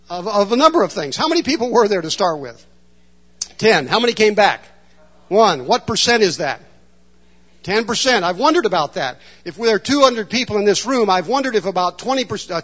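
A man with a high voice preaches a sermon to his congregation in a church. He wonders aloud and asks the room questions. The recording is dull and lo-fi. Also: a bit bright. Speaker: pastor.

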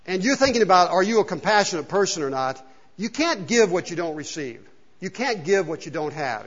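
A man's voice: high voice, fairly bright tone. A male pastor preaching a casual, joking sermon and asking the congregation questions, recorded in a church hall. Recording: dull sound with long hall reverb.

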